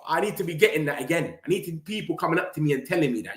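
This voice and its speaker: Excitable young man. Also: a little high. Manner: excitable, slangy, rapid run-on talk. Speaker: football vlogger streaming to viewers. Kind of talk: casual live-stream chat. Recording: roomy echo.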